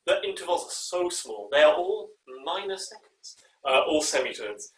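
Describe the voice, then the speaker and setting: A man directing an online choir rehearsal, often pausing with ums and uhs and singing short bits of the music to show how a phrase should go. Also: high voice, very animated. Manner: demonstrates phrases by singing and speaking them; hesitant, with frequent ums and uhs. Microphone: video call. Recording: echoey room, far from the mic.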